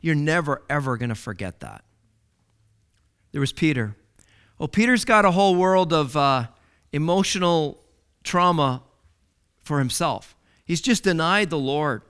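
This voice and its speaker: A man preaching a sermon, with dramatic swings from loud declarations to hushed words and key phrases repeated for emphasis. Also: on the high side, expressive, unhurried, pauses often, clean tone.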